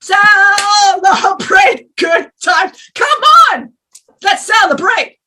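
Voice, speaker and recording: A woman's voice: very high-pitched, extremely slow, bright, forceful tone, far from the mic, slight background noise, full character voice. A woman channeling a rowdy, joking male spirit who talks in a boisterous, rambling way.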